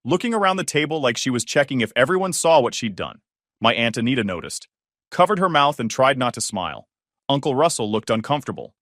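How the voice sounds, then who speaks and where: A man in his thirties reads a first-person story in short, clipped sentences, his pitch moving freely. The recording is dry and close, with no room around it. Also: sing-song, fast talker, fairly bright tone, dry recording. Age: 30s. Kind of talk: scripted story narration.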